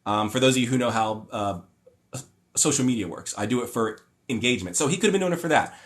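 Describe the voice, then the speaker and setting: A man's voice: mid-range voice, animated, quick pace. A young adult man hosting a casual livestream, reading viewer comments aloud and reacting to them in a rambling, opinionated way with many fillers and restarts. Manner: mocking voices when paraphrasing others. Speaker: livestream host.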